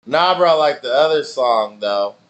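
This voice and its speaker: A man's voice: mid-range voice, expressive, normal speed, fairly bright tone. A man streaming, telling rambling stories in loose slang with plenty of swearing. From family in Nigeria. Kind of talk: casual chat with stream viewers.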